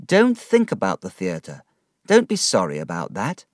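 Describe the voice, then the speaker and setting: A man reading an audiobook, voicing a gentle, kind young woman who cares for her friend, in a soft, earnest, raised voice. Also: sits low, wildly swooping pitch, a little slow, no echo, clean studio sound, exaggerated voice. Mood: concerned.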